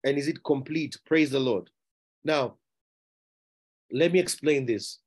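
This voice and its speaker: A man preaching a sermon, emphatic, asking rhetorical questions and repeating key phrases. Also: a little slow. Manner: rising in pitch and loudness on key words.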